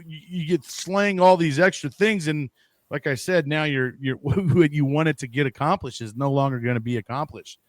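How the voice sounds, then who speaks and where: A man's voice: on the high side, normal speed, dry recording. A man hosting a casual podcast talk, rambling with many restarts, fillers and casual swearing. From United States. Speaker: podcast host. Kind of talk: casual conversation.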